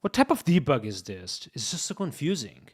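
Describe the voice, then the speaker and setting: A young man streams himself coding and talks it all through to his chat, often saying the same line twice. His voice sits a little high and swings widely up and down as he goes. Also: wildly swooping pitch, moderate pace, breathy edge. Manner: thinks aloud, repeats phrases, addresses chat. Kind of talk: casual live-stream commentary.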